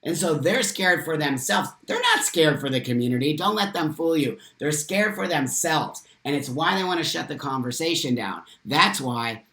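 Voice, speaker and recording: With a fairly high, sharp voice, this livestream host talks in a sing-song way at a moderate pace with few pauses. He reads out viewer comments, reacting with passion and emphasis and plenty of swearing, in a room with noticeable echo.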